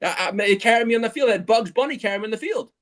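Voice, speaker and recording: A man's voice: sits high, rapid-fire. A middle-aged man co-hosting a casual livestream chat, telling rambling stories with lots of laughs. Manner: rambling, animated storytelling with laughs. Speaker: show co-host.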